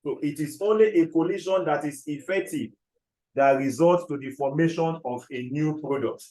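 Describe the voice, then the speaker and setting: A man's voice: on the high side, warm tone, reverberant, rough recording. A man teaching chemistry in a classroom, dictating notes and often checking whether the class follows. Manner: repeats key phrases slowly, checks understanding often.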